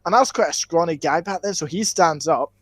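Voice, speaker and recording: A young Scottish man telling a school story on a podcast, sweary and excitable, tagging "right?" onto his sentences. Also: a little high, brisk. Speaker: podcast co-host. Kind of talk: casual storytelling chat.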